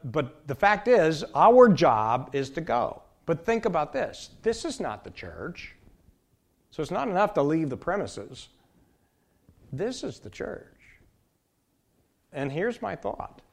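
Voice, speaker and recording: A man preaching a sermon, emphatic, swinging from loud to soft and repeating his points. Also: fairly high pitch, very animated, takes it slowly, gravelly, long pauses.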